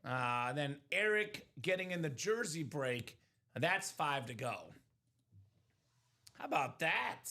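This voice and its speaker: Energetic bright-voiced male stream host. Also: a little high, slow, pauses often. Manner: energetic hype, jokey, fillers. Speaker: live-stream card break host. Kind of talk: upbeat sales patter and banter. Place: streaming studio.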